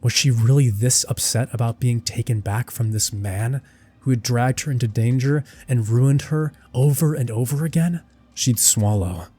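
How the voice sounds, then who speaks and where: A man's voice: medium pitch, normal speed, warm tone, breathy edge, dry recording. A man narrating a dramatic anime fan-fiction story with intense storytelling that rises and falls with the action.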